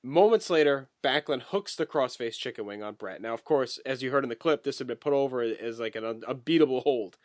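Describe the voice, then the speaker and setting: A man's voice: medium pitch, brisk, few pauses, dry recording. Man recapping a wrestling match, dry audio. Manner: detailed play-by-play recounting, swears casually. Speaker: podcast co-host. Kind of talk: casual wrestling recap chat.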